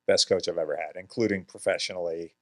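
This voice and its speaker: A man's voice: low-pitched, steady tone, quick pace, a bit bright. A man, an actor guest on a podcast, telling casual anecdotes and laughing often. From Georgia, USA. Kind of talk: casual interview storytelling. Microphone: podcast studio microphone.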